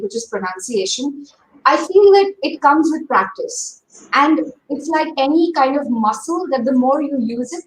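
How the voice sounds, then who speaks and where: A woman giving an animated webinar talk on speaking, over a video call. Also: high voice, echoey room, distant mic, a little hiss or hum, low-quality recording. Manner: animated, demonstrates pace and tone with her own voice. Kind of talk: lively teaching talk.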